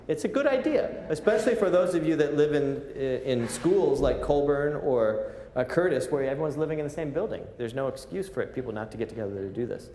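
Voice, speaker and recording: A man with a slightly high voice speaks fairly quickly, with few pauses, while leading a clarinet masterclass in a large recital hall, joking animatedly and counting the players in as he coaches. The hall sounds roomy, with faint ambience and a little hiss or hum.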